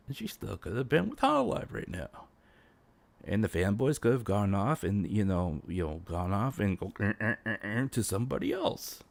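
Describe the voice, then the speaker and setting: A man with a low, gravelly voice rambles through a casual livestream rant. He keeps restarting his sentences and leans on "you know". His voice. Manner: rambling, many restarts and fillers. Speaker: VTuber streamer.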